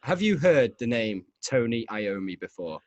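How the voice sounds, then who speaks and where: A man's voice: medium pitch, very animated, moderate pace, no echo, lo-fi sound. Brief: male podcast host, rambling storyteller, dry close sound. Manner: rambling, laughing. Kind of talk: casual storytelling chat.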